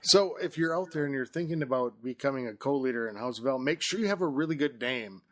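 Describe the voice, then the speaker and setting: A man's voice: mid-range voice, animated, fast, a bit bright. A man co-hosting a podcast, teasing his friends with wisecracks in casual chat. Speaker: podcast co-host.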